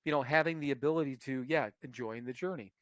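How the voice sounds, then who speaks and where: A man's voice: medium pitch, fast talker, a bit bright, no echo. Rambling, profane male podcast co-host. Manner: rambling, profane, full of fillers and restarts. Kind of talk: casual podcast chat.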